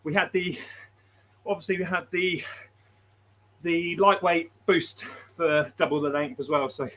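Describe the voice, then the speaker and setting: A man's voice: on the high side, steady tone, unhurried, bright, forceful tone. A man hosting a livestream, chatting casually, laughing often and reading out viewer messages. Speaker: livestream host.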